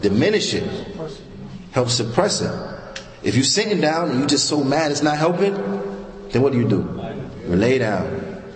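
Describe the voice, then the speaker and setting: A man giving a religious lecture in a mosque, talking informally, animated, and quizzing the audience with rhetorical questions. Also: medium pitch. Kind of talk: sermon. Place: mosque prayer hall. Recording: echoey mosque hall.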